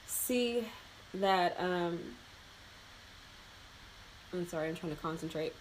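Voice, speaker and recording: Her voice fairly low and darkish, a young beauty vlogger chats while putting on makeup, sounding heartfelt and close to crying amid lots of laughter and fillers. It's a rough recording with a little hiss or hum.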